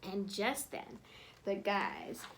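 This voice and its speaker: A woman reading a children's picture book aloud, animated and asking her listeners questions. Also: mid-range voice, very slow, creaky. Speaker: storyteller.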